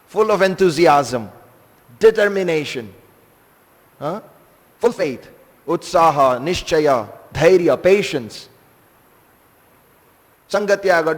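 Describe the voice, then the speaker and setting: A man giving a scripture class to a seated audience in a temple hall, telling stories in an animated, emphatic way with some hesitant fillers. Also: on the high side. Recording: long reverb of a large hall.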